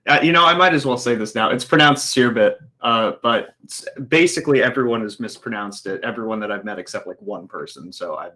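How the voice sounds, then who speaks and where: A man's voice: medium pitch, sharp tone. A young man, a student, introducing himself on a video call in a rambling, self-deprecating way.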